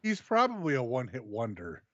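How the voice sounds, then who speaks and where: A man's voice: medium pitch, wildly swooping pitch, fairly quick, no echo, muffled recording. A man co-hosting a wrestling review, easily amused and laughing often as he teases his partner. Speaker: wrestling show co-host. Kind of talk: casual podcast banter.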